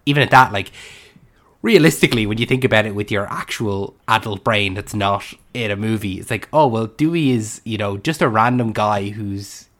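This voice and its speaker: Animated man, low-pitched voice. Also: moderate pace. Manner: animated, acts out scenes from the film. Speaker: podcast co-host. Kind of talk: casual film discussion.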